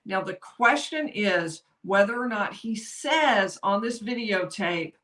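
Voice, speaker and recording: Bright-voiced woman, legal commentator. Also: medium pitch, unhurried, hardly any pauses. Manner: chatty, apologetic about tech slips, laughs easily. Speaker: lawyer commentator. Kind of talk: live-stream legal commentary. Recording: roomy echo.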